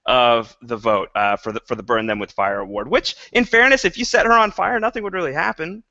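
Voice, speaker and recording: A man's voice: mid-range voice, a little fast, pushed and bright, no room sound. A man co-hosting a podcast in casual chat, playful and mock-dramatic. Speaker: podcast co-host. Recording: dull lo-fi podcast audio.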